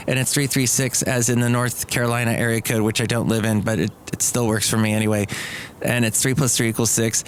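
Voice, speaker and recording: A man's voice: mid-range voice, a little hiss or hum. A man hosting his own daily podcast, rambling and joking through his complaints. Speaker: podcast host. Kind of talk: casual solo podcast monologue.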